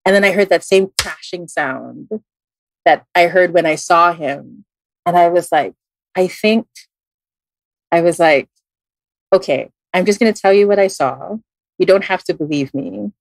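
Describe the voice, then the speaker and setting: Here the Filipino-accented tarot reader sounds unhurried and gravelly, leaving long pauses, with no echo in the recording. As a podcast guest she tells a casual, filler-heavy story with frequent restarts, animatedly voicing the people she quotes through dramatic pitch swings.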